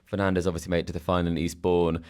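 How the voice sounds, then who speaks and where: A man co-hosts a podcast, working through the results in a calm, analytical chat. His voice is very deep, among the lowest for men. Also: smooth. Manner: measured, analytical. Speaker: podcast co-host.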